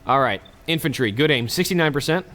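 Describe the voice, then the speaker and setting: Male let's-play host, mid-pitched, casual and chatty, cracks jokes to viewers while he plays. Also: lively intonation, fast talker, pushed and bright, soft background music. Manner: chatty, joking asides to viewers. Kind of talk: casual gameplay commentary.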